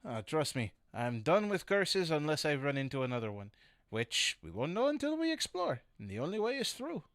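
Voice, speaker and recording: A man running a tabletop game as dungeon master, narrating scenes in a measured, playfully teasing way. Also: on the high side, big pitch swings, fairly bright tone, no room sound, studio quality.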